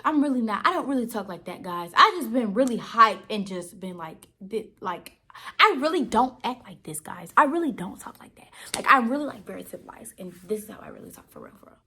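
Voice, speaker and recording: A woman's voice: on the high side, animated, fairly quick, sharp tone, breathy edge. A teenage girl from Georgia, telling a story in a chatty, slangy, playful way in a casual vlog. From Georgia, USA. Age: teens. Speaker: vlogger.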